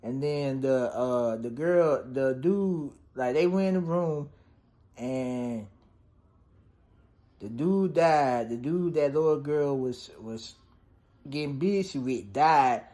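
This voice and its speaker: A man's voice: medium pitch, slow, dark tone. A man casually recapping a movie's plot in a loose, profane, slang-heavy way, peppered with "damn, bro". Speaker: movie reviewer.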